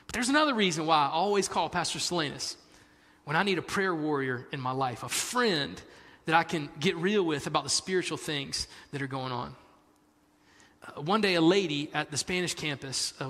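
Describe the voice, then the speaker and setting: A man preaching a sermon as pastor, telling stories in an animated way that swings from hushed to emphatic. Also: fairly high pitch. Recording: long hall reverb.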